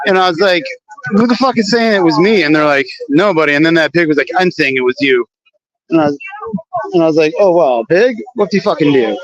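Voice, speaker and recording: A man's voice: a little high, lively intonation, a little fast, a crowd in the background. A man rambling through a profane, slangy story full of fillers while walking city streets near a train station, recorded with dull lo-fi audio. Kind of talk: casual storytelling vlog walking outdoors.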